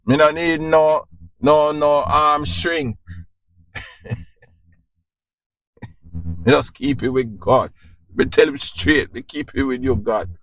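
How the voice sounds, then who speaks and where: Slow, preachy Jamaican man. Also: medium pitch, fairly bright tone. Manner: preachy, repetitive, keeps asking "you understand?". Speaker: podcast host. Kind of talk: informal spiritual monologue.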